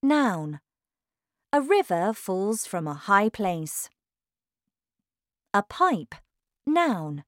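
Woman narrator, slow learner reading, lively melody, dry close mic. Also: medium pitch, no room sound. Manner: careful, clearly paced reading.

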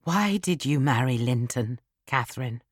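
A woman reading an audiobook and voicing a brooding, heartbroken young man, speaking low and reproachfully. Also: lively intonation, measured pace, no room sound, studio quality, full character voice. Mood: anguished.

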